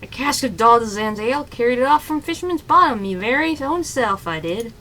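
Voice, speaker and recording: A woman's voice: a little high, animated, fairly quick, bright, forceful tone, a little hiss or hum, low-quality recording. A woman voicing a boastful, drunken male sailor who rambles in old-timey sailor slang. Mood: drunken bragging.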